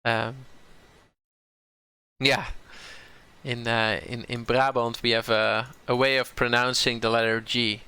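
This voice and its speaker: A man's voice: mid-range voice, flat delivery, slow, long pauses, bright, forceful tone, clear, resonant tone. A man from the southern Netherlands with a Dutch accent, thinking aloud as he plays and streams a card game, often repeating words as he corrects himself.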